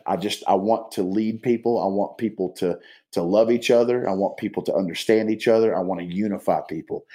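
A man's voice: fairly low pitch, warm tone, low-quality recording. A man who is a guest on a talk show, telling stories casually and reflecting earnestly, rambling with lots of fillers. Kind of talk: casual storytelling and heartfelt reflection.

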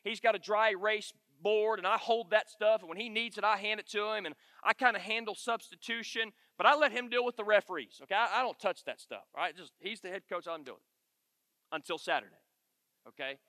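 A man's voice: high-pitched, fairly quick, bright, forceful tone, no room sound, long reverb tail. A man preaching a conversational sermon, telling a candid, self-deprecating story and checking in with "okay?" as he goes. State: tired. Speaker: pastor.

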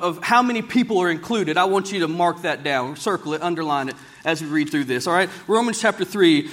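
A man preaching a sermon in a church, plain-spoken and folksy, slowing down whenever he reads scripture aloud. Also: high voice, fairly bright tone.

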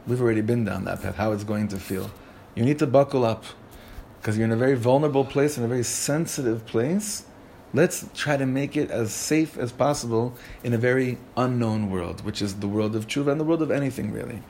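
A man teaching a Torah class conversationally, an animated manner and lots of questions put to the group. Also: medium pitch, brisk, creaky, slight background noise. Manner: animated, asks the group questions, many restarts.

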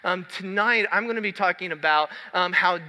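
A man in his thirties preaching a sermon in a large church hall, telling a story in a lively, conversational way. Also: sits high, normal speed. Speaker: pastor. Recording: long hall reverb.

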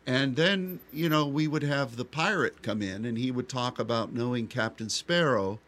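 A man's voice: mid-range voice, fairly bright tone. Guy cohosting a radio show, rambly and jokey, lots of restarts. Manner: rambling, joking, many restarts. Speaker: radio co-host. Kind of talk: casual chat.

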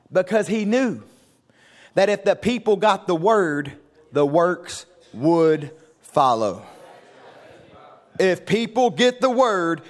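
A man preaching a sermon in a church, fervent and building to shouted call-and-response. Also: high-pitched. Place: church sanctuary.

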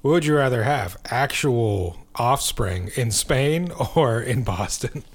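A man co-hosting a podcast, chatting casually in an easygoing, teasing way with quick replies. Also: medium pitch, expressive. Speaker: podcast co-host. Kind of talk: casual chat.

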